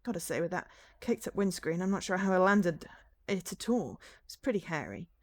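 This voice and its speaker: A harried, chatty pilot of a firefighting plane, read out by a woman streamer. The voice sits low yet swings widely in pitch, telling of a hairy landing in a lively, conversational way. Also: moderate pace, no room sound. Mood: worried. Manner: read-out game message, chatty.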